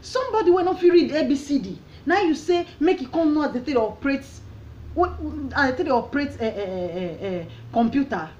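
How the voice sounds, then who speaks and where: Nigerian woman vlogger, heated and preachy, lively high voice, faint hiss behind a muffled recording. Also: a little fast. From Edo State, Nigeria. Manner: passionate, preachy, repeating questions. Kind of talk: opinion rant.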